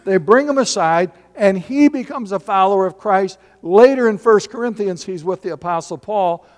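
Preaching at a moderate pace in a church sanctuary, a middle-aged pastor with a high-pitched voice delivers an animated sermon packed with rhetorical questions for the congregation. The sound has a long hall reverb.

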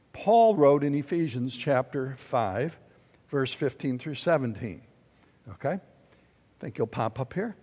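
An older man preaching a sermon in a church, animated and questioning his congregation. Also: fairly high pitch. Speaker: pastor. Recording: long hall reverb.

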